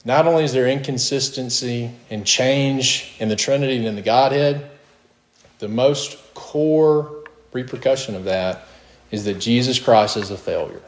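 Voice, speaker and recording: A man preaching a sermon in an emphatic way, reading verses aloud and pushing his voice up high on his questions. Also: a little slow, reverberant. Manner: emphatic, rising to high questions, with short laughs.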